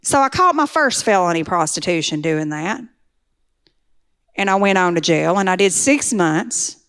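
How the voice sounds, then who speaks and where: A woman's voice: on the low side, expressive, moderate pace, fairly bright tone, smooth. A middle-aged woman, telling her recovery story in an earnest testimony that builds to pleading intensity. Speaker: speaker sharing a recovery testimony. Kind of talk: personal testimony talk.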